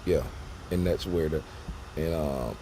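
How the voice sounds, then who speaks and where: A man's voice: rumbling low, takes it slowly, noisy background. A man, talking loosely and repeating himself as he walks viewers through a trading lesson on screen. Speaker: trading educator.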